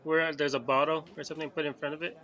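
A man's voice: fairly high pitch, level tone, fast talker, sharp tone, highs cut off. A man playing a tabletop game, describing his actions in a casual, eager way. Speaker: player.

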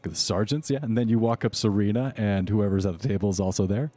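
Low, mellow-voiced male game master. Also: fairly even intonation, faint music behind. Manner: measured narration with frequent fillers. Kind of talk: narrating a tabletop game.

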